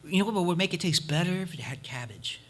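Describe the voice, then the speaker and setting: A man's voice: high voice, lively intonation, fast talker, fairly bright tone. A man voicing a cheerful male traveler who coaxes villagers into his stone soup with eager salesman patter. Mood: coaxing.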